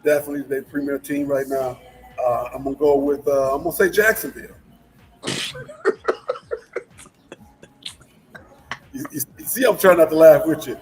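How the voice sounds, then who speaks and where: A man co-hosting a sports talk show, with rambling, halting speech full of repeated words and restarts. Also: a little high, faint music behind, low-quality recording. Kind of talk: casual sports chat.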